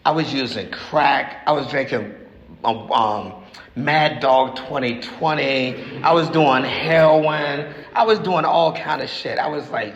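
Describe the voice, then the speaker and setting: A man in his sixties giving a recovery testimony at a meeting, talking frankly and haltingly, repeating himself as he tells his story. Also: mid-range voice, a bit bright, lo-fi sound. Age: 60s. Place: meeting hall. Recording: echoey hall with faint noise.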